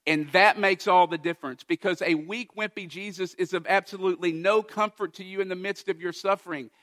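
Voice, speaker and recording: A man preaching a sermon as pastor of a church, earnest, rising to emphatic peaks and falling to soft, quiet moments. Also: high voice, steady tone, a little fast.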